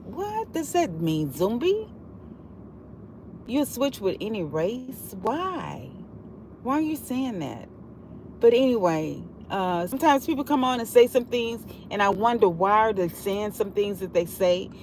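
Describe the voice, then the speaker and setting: A woman's voice: medium pitch, big pitch swings, a little slow. A woman hosting a casual livestream from her car while she drives, rambling and repeating herself in a heartfelt way. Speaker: livestream host. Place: in a car on the road. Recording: loud road and traffic noise.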